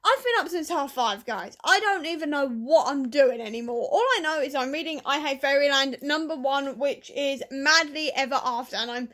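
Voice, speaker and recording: High, bright-voiced woman vlogging. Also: normal speed, hardly any pauses. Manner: chatty and emotional, with laughing and self-interruptions. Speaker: book vlogger. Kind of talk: casual vlog chat.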